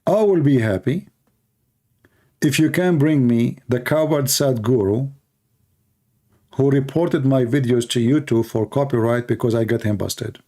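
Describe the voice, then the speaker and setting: A man's voice: mid-range voice, a little slow, mellow. A man hosting a livestream, talking off the cuff in a combative, mocking, rambling way, his voice tired after hours of talking. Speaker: livestream host. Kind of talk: unscripted livestream monologue.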